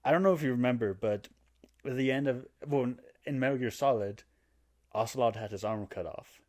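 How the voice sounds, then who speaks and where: A man's voice: mid-range voice, brisk. A man co-hosting a podcast, casually and animatedly retelling a video game story, now and then putting on character voices. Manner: animated storytelling, acting out character lines with laughs. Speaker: podcast co-host explaining a game plot. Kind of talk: casual chat.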